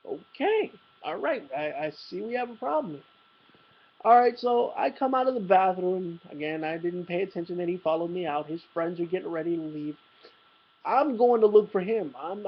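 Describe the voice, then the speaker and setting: A man's voice: high voice, breathy edge, muffled recording. A young man vlogging, telling a rambling, profane story about a night out with self-mocking humor. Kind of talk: casual storytelling.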